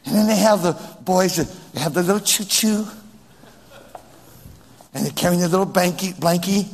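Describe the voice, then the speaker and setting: High-voiced guy preaching, husky, big church reverb, swings loud then slow. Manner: preaching with sudden rises and drawn-out slow phrases. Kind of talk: sermon.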